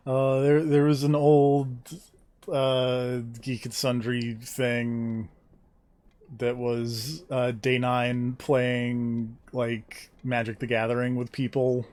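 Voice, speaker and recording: A man's voice: mid-range voice, little pitch movement, slow pace, a little mellow. A man chatting casually on a game stream, rambling and hesitant. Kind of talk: casual gaming stream chat.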